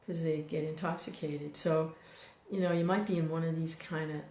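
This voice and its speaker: A devotional speaker talks informally in a low, dark voice with a steady tone and normal speed. Her conversational delivery is peppered with "you know" and small restarts, captured in an echoey room.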